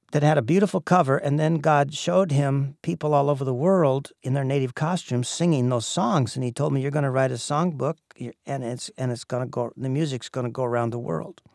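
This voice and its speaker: An older man, a minister, telling his own story in an earnest, reflective way with halting restarts. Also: mid-range voice, vocal fry, darkish tone, no room sound, studio quality. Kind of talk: personal testimony sermon.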